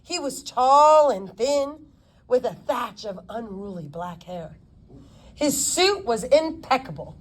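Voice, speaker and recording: A woman narrating a novel as an audiobook, with expressive storytelling. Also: on the high side, slow. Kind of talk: scripted narration.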